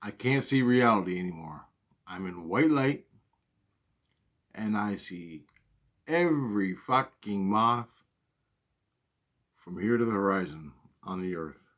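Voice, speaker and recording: A man's voice: fairly low pitch, expressive, slow pace, long pauses, fairly bright tone. A man casually telling a personal spiritual story, swearing freely and talking in an earnest, conversational way.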